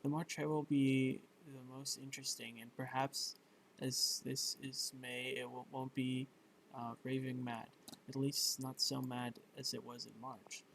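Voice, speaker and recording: A man's voice: mid-range voice, flat delivery, a little slow, creaky, a bit bright, slight background noise, rough recording. A man reading the part of a curious, polite young girl in a bedtime story, stumbling over words and correcting himself. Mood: polite puzzlement.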